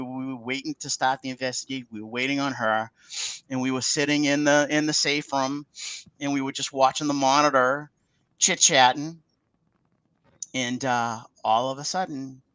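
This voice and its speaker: A man tells a story as a podcast guest, speaking in a middle-pitched voice. He acts out every line of quoted dialogue, jumping up and down in pitch and stumbling over restarts. The sound is close and dry, with no room echo at all. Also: normal speed, a bit bright. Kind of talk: casual storytelling interview.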